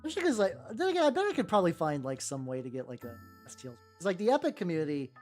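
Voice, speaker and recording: Painting miniatures as she talks, a woman in her 30s rambles casually through her ideas, saying "like" constantly over faint background music. She speaks rapid-fire in a fairly low, slightly mellow voice that swings widely in pitch.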